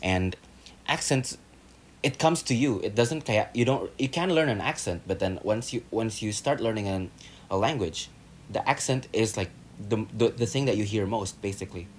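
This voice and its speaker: A young man talks in a loose, casual podcast chat. His voice sits a little low. He slides between English and slang mid-sentence. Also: moderate pace, a little hiss or hum, poor audio. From Indonesia. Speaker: podcast guest.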